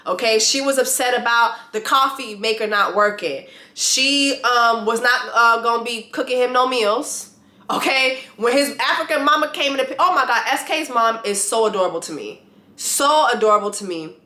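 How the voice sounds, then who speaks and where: A woman vlogging a blunt, animated rant with free swearing, reviewing a reality show. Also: on the high side, normal speed, reverberant. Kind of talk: casual opinionated vlog rant. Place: lives in Atlanta.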